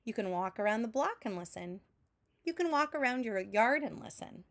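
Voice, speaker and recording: A woman teacher reading a picture book aloud to children in a slow, clear storytelling manner, making sound effects with her voice between lines. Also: on the high side, lively intonation. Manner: adds vocal sound effects between narration.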